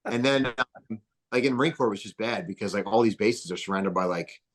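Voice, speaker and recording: Podcast guest, man, lowish voice, excitable rambler full of fillers. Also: fairly quick. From New Jersey. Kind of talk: casual interview storytelling.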